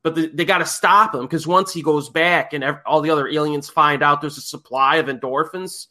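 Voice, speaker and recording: A man with a fairly high, bright and forceful voice hosts a laid-back film podcast. He rambles happily through plot recaps, circling back and restarting as he goes. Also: fairly even intonation, fairly quick. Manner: enthusiastic rambling plot retelling. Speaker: podcast host. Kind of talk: casual movie discussion.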